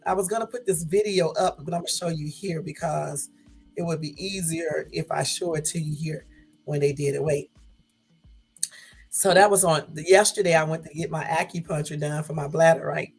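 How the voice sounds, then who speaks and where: A woman's voice: sits low, fairly even intonation, normal speed, a little mellow, faint music behind, rough recording. Laughing woman in late-night chat. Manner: laughing, addresses viewers as y'all, rambling. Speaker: vlogger. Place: at home.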